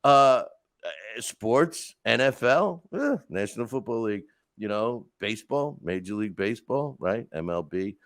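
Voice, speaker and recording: A man hosting a podcast, talking through casual stories and rants in an animated way with lots of restarts. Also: on the low side, normal speed, dry recording. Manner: animated storytelling, frequent restarts and asides. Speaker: podcast host. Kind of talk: casual monologue.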